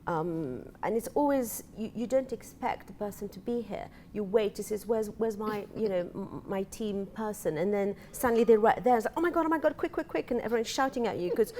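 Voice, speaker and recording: A woman guest on a talk show telling an animated story, acting out her own thoughts and laughing often. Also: mid-range voice, moderate pace, few pauses, a little hiss or hum. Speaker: event participant guest. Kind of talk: casual talk show chat.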